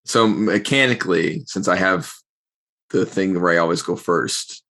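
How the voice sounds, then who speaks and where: A man playing a tabletop role-play game, asking slow, deliberate questions about the rules. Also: sits low, bright, forceful tone. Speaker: player.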